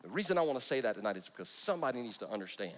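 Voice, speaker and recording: A man's voice: medium pitch, sing-song, very fast. A man preaching a sermon in church, joking and breaking off his own sentences. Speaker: pastor.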